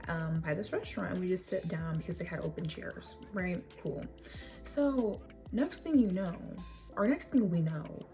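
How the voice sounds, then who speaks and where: A young woman vlogger telling a story casually, animated and rambling with lots of fillers and swearing. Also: lowish voice.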